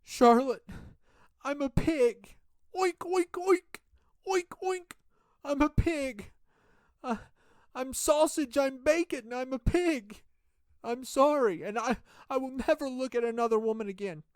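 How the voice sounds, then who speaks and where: A woman's voice: high-pitched, takes it slowly, darkish tone, no echo. A woman voicing a sheepish married man caught cheating, in a wrestling game role-play, stammering and pleading. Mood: humiliated.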